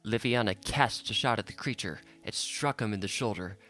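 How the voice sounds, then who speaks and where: A man narrating an audiobook in a measured, unhurried storytelling manner. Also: lowish voice, fairly bright tone, soft background music.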